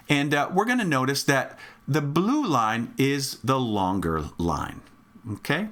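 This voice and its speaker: A man's voice: mid-range voice, a bit bright. A man teaching a children's music lesson on rhythm, patient and encouraging, counting off and chanting along.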